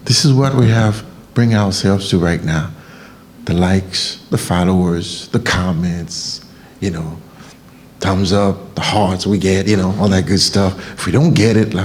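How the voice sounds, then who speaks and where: A man's voice: deep voice, moderate pace, slight background noise. A man from Haiti with a Haitian accent, giving an emphatic motivational sermon and repeating key phrases for effect. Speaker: motivational speaker.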